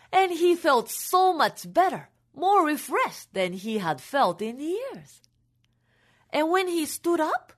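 A woman telling a folk tale for families in an expressive, animated way. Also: high-pitched. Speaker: storyteller.

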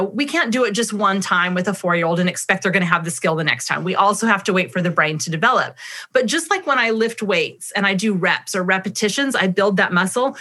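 A woman's voice: mid-range voice, bright, forceful tone. A middle-aged woman answering interview questions about parenting, explaining at length and acting out her talks with her children. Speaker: parenting expert guest.

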